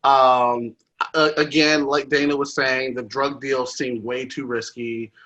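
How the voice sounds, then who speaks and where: A man with a bright, clear voice hosts a podcast in an easy, loose chat. He rambles, restarts his sentences and fills the gaps with ums and uhs. His voice sits at an ordinary middle pitch. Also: level tone, a little slow. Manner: rambling, with many fillers and restarts. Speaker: podcast host. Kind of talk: casual movie review chat.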